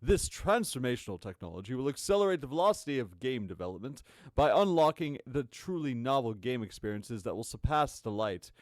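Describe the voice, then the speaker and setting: A man's voice: mid-range voice, sing-song, fairly quick, no echo, close to an everyday voice. A man putting on the voice of a pompous male tech executive, reading out a grand announcement in a grandiose manner.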